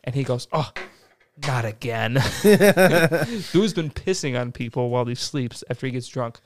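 A young man on a podcast telling a story in a lively, expletive-laden, casual way. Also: mid-range voice, moderate pace, no echo. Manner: animated storytelling, swears freely. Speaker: podcast participant. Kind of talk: casual chat.

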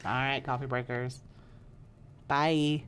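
A woman's voice: very deep voice, normal speed. A woman co-hosting a podcast in casual chat, chatty and laughing often, trailing off with fillers. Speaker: podcast co-host.

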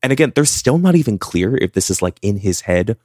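A man's voice: on the low side, big pitch swings, brisk, a little mellow, dry recording, clean studio sound. A man co-hosting a podcast, retelling a true-crime case in a casual, chatty way with frequent "like" fillers. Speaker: podcast co-host.

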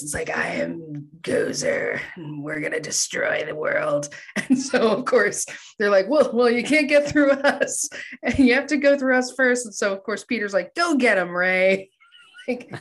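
A woman's voice: mid-range voice, fairly bright tone. A woman casually recapping a movie on a podcast, chatty, with frequent laughs and lots of fillers.

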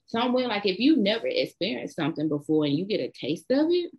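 A woman's voice: medium pitch, big pitch swings, quick pace, breathy edge, lo-fi sound. A woman with a Southern US accent, co-hosting a casual chat and telling bold, blunt stories. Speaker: podcast co-host.

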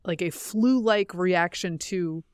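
A woman's voice: lowish voice, slow pace, a little mellow, clear, resonant tone, dry recording. Chatty woman podcast host, dry sound. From North Carolina and Georgia, USA. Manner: chatty, laughs easily. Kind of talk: casual chat.

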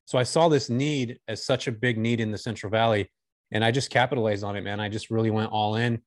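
A man's voice: lowish voice, steady tone, a little fast. A man in his forties from Northern California, a guest on a casual podcast, telling long stories with easy laughs. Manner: chatty storyteller, laughs easily.

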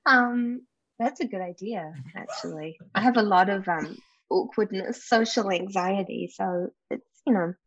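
A New Zealand actress with a New Zealand accent chats candidly as an interview guest, laughing often and acting out people she quotes. Her medium-pitched voice runs a little slow. The audio has no room sound, and the highs are cut off.

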